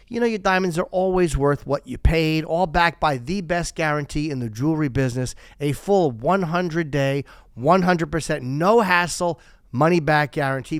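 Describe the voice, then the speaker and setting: A man's voice: a little high, clear, resonant tone, dry recording, clean studio sound. A man in his fifties, a podcast host doing crude, sarcastic sponsor reads live and riffing off the script. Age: 50s.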